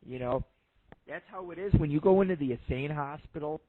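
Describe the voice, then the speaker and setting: A man's voice: fairly high pitch, fairly quick. Profane man on a tinny line. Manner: profane, rambling, lots of fillers. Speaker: internet radio host. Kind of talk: crude joke-telling monologue. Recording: phone-like lo-fi line.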